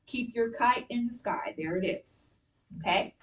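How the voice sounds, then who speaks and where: A woman's voice: on the high side, a little slow, distant mic. A woman teacher giving a spelling lesson to young pupils, patient and directive, walking them step by step through each instruction. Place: classroom.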